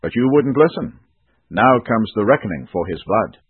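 A man's voice: medium pitch, animated, moderate pace, breathy edge, no room sound. A man reading the lines of a grown eldest brother, in a reproachful, earnest manner over a tinny recording. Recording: tinny phone-like dry recording.

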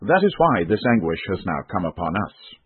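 Frightened grown brothers talk in an anxious, pleading way, as a man reads them. The voice is husky and low, and it lifts and falls a lot. It comes through tinny and phone-like. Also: very animated, normal speed, no room sound, heavily acted. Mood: remorseful. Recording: tinny phone-like dry recording.

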